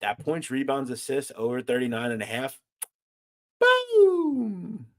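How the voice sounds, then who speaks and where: A man's voice: medium pitch, fairly even intonation, fast talker. A man hosting a casual livestream, reading viewer comments aloud and joking around. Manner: loose, joking, swings from loud to mumbled asides. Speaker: host.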